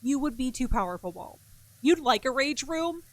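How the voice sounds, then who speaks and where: A young woman streamer chatting casually with her stream chat while gaming, animated, laughing often, and reading messages aloud between loud outbursts and quiet mumbles. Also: high voice, moderate pace, no echo.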